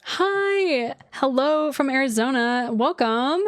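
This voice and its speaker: A woman's voice: sits high, expressive, slow pace, dry recording, clean studio sound. A woman astrologer chatting casually on a livestream from home, loose and filler-heavy, with casual swearing.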